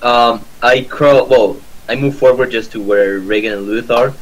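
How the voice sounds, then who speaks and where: A man with a husky voice plays a tabletop game at an average pitch. He works out his actions out loud with many fillers and restarts. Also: moderate pace, rough recording. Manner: hesitant, filler-heavy. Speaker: player. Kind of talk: tabletop role-play.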